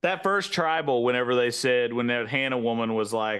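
A man co-hosting a podcast in casual, excitable, self-deprecating banter. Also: medium pitch, brisk, clean tone, dry recording. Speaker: podcast co-host. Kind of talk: casual chat.

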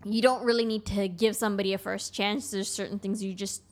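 A woman's voice: medium pitch, a little fast. A young woman guest on a podcast, a construction taper, talking bluntly and casually and acting out both sides of conversations as she tells stories. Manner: blunt, animated storyteller acting out dialogue.

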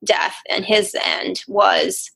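A woman's voice: medium pitch, fairly even intonation, slow, creaky, bright, forceful tone, husky. A young woman, a therapist, speaking earnestly and reflectively in a candid interview. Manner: earnest, reflective, sometimes emotional. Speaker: therapist guest.

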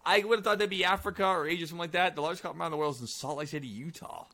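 A man's voice: a little high, pushed and bright, no echo. A man hosting a trivia quiz on a podcast in casual, teasing banter, drawing out the answers as he reads them. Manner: jokey, teasing, drawn-out reading of answers.

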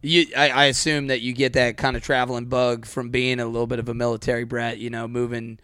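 A man hosting a podcast in casual chat, energetic and talkative with frequent laughs. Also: medium pitch, fast, clean tone, dry recording, clean studio sound. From Mid-Atlantic United States. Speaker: podcast host.

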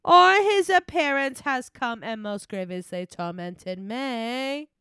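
Casting: woman doing a pompous dramatic older lady, swooping high voice, slow grand delivery. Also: expressive, bright, forceful tone, clear, resonant tone, full character voice. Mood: grandly theatrical. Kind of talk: mock-dramatic reading of an old deposition.

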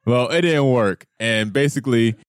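A man's voice: mid-range voice, normal speed, no room sound, studio quality. A man co-hosting a podcast, chatting casually about a film and mimicking sound effects and voices. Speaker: podcast co-host. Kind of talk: casual movie chat.

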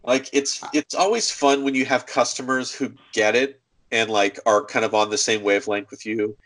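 A man telling retail stories on a casual podcast, animated and acting out customers' voices. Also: medium pitch, moderate pace, poor audio. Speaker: podcast co-host. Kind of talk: casual storytelling.

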